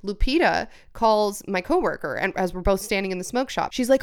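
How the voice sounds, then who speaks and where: A young woman telling a story on a podcast, animated and swearing freely as she acts out the people in it. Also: medium pitch, a little fast, clear, resonant tone.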